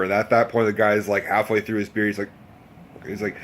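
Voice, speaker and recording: A man's voice: fairly low pitch, flat delivery, brisk, a bit bright, a little hiss or hum. Profane, rambling man ranting on camera. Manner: profane, rambling storytelling with many restarts. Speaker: vlogger. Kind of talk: casual rant.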